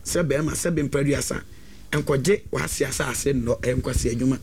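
A man giving lively, preachy advice on a talk show, sometimes breaking into shouts. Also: medium pitch, measured pace, slight background noise.

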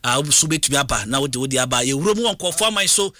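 A man's voice: medium pitch, lively intonation, rapid-fire, sharp tone. A man with a Ghanaian accent hosting a call-in sports radio show, switching between languages as he talks.

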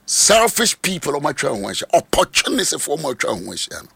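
A Ghanaian man preaching a sermon, mixing Twi and English and swinging from low speech to high shouts. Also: wildly swooping pitch, fast, gravelly, hardly any pauses, slightly rough, no room sound.

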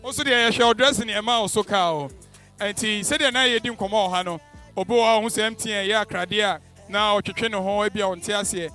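Guy MC at a promo event, high bright voice, hyped up, music in the back. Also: a little fast. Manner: upbeat, hyping, switching into English. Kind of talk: energetic promo event hosting.

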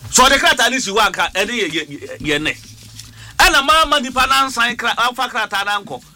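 Animated, bright-voiced Ghanaian man arguing. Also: very high voice, fairly quick, vocal fry. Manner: talks over others, repeats words, switches between languages. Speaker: member of parliament. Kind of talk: heated political debate.

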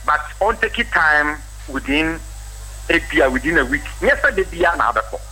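A Ghanaian man appearing as a doctor on a radio talk show, giving measured, explanatory advice in a studio. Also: fairly high pitch, big pitch swings, sharp tone, husky, faint music behind, low-quality recording. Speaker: doctor guest.

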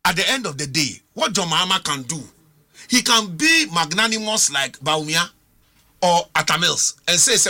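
A man's voice: sits high, very animated, fairly quick, bright, forceful tone. A man with a Ghanaian accent, a political commentator on a studio panel, arguing with rhetorical questions and switching between English and Twi.

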